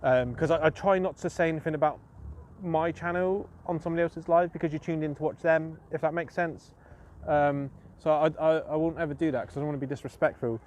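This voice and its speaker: Chatty man, fairly high voice. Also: fairly even intonation, a little fast, a little mellow, lo-fi sound, a little hiss or hum. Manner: chatty, self-mocking, lots of fillers and restarts. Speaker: fishing live-streamer host. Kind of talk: casual live-stream chat.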